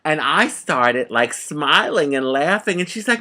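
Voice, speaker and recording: Lively middle-aged woman telling a story. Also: low voice, unhurried. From United States. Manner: animated, laughs often, acts out the people in the story. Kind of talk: casual storytelling.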